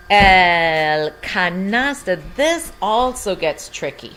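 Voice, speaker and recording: Slow-paced woman teaching Spanish vocabulary. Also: fairly low pitch, lively intonation, fairly bright tone. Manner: patient, explains each word slowly in English. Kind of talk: recorded language lesson. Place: at home.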